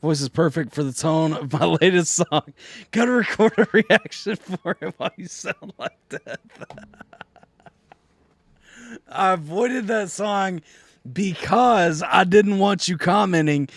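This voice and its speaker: A man hosting a live music reaction stream, hoarse and nearly voiceless, chatting casually with his viewers and reading out their messages. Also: sits high, measured pace, dry recording, studio quality. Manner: chatty, talks straight to viewers, reading out chat.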